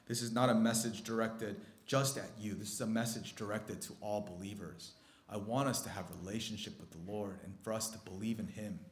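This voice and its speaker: A man preaching a sermon as pastor, moving between hushed, intimate stretches and loud, excited bursts. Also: lowish voice, reverberant.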